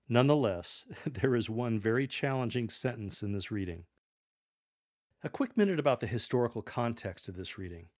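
A man giving measured, earnest instruction on how to read scripture aloud to a congregation. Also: medium pitch, darkish tone. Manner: measured, earnest, with demonstrated readings. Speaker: lector coach.

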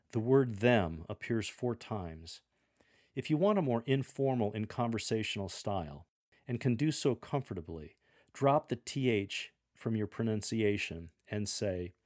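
A man hosting a podcast lesson, coaching scripture readers in a gentle, measured way with the odd dry joke. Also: on the low side, no room sound.

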